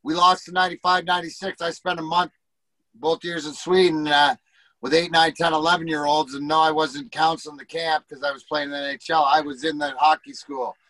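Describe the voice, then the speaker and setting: A middle-aged former hockey player rambles through profane locker-room anecdotes and acts out what his teammates said. His voice sits a little high. The sound is dry and close to the mic. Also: flat delivery, brisk, sharp tone, no room sound, poor audio. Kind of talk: casual storytelling.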